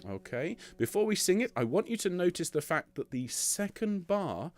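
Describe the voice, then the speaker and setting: A man's voice: high-pitched, big pitch swings, moderate pace. A man leading a choir rehearsal, patiently explaining phrases and singing lines for his singers. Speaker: choir director. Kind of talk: online choir rehearsal teaching. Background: piano.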